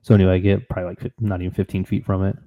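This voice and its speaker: A man co-hosting a podcast, telling a trip story in an animated, excitable, casual way. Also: low-pitched, rapid-fire. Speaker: podcast co-host.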